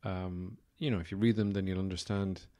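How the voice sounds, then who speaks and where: A man's voice: low-pitched, steady tone, a little fast, mellow. An Irish man hosting a podcast, rambling through a wry comic monologue with lots of fillers. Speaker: podcast host. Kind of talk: casual comedic monologue.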